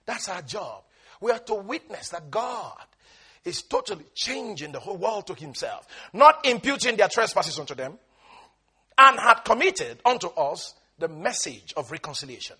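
A man preaching as a pastor, emphatic, shouting out lists and calling the congregation to repeat after him. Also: sits high, very animated, measured pace, breathy edge. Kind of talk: sermon.

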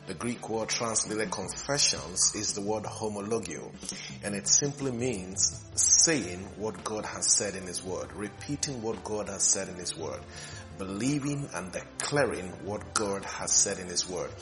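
Slow, emphatic preaching man. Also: on the low side, expressive, music in the background. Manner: slow, emphatic, repeating phrases with rising fervor. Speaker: pastor. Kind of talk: sermon.

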